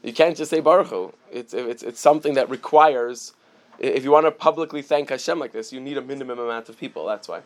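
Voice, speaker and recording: A man's voice: medium pitch, fast. A man giving a Talmud lesson, reading Aramaic lines and then explaining them in plain English with many fillers and restarts. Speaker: Talmud teacher. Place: Chicago area.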